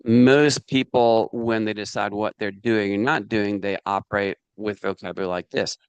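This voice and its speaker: Man giving a lively motivational talk. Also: fairly low pitch, moderate pace, clear, resonant tone, no echo. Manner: animated, asks "does that make sense" and "right" often; acts out inner voices and his dog. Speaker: speaker teaching a business course. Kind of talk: casual motivational teaching.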